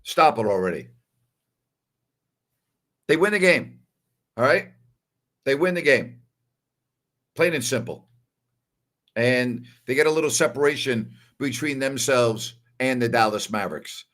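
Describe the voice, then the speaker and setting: A New York-accented man hosts a casual postgame livestream, reading viewer comments and driving his points home with repeated tag questions. His medium-pitched voice is animated and a bit bright, unhurried, with long pauses.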